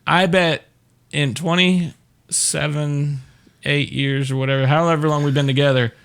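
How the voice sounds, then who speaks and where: A man's voice: on the high side, fairly even intonation, unhurried, gravelly, fairly bright tone, smooth. A middle-aged man hosting a casual chat show, joking and rambling with lots of fillers. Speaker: show host.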